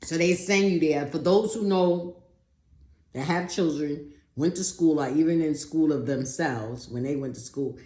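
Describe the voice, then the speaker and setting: Low-voiced woman telling a story. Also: measured pace, roomy sound. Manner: animated, acts out voices, repeats words. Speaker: speaker giving a talk. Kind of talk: personal storytelling.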